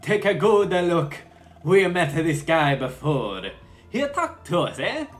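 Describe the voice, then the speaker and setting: A man doing a loud mock-Italian villager. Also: on the high side, sing-song, slow. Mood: eager. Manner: exaggerated mock-Italian lilt. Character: loud excitable male villager, Italian-ish.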